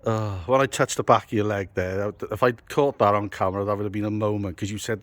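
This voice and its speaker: A man's voice: on the low side, brisk, few pauses, no room sound. A British man, a builder and landscaper, hosting a casual vlog outdoors on a garden building site, teasing his workmate and chatting through a phone camera. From United Kingdom. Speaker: builder and landscaper, channel host. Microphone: phone camera held by the speaker.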